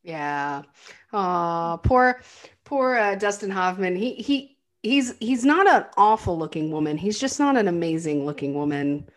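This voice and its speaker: Chatty woman co-host, lowish voice. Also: expressive, measured pace. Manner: chatty, laughs often, many fillers. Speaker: podcast co-host. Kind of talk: casual chat retelling a film.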